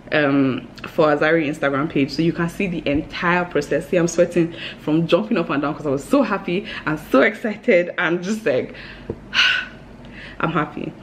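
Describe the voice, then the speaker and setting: A woman in her thirties, chatting casually to camera at home in a bubbly, excitable way, laughing often. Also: deep voice, a little hiss or hum. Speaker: vlogger and new business owner. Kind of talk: casual vlog chat to camera.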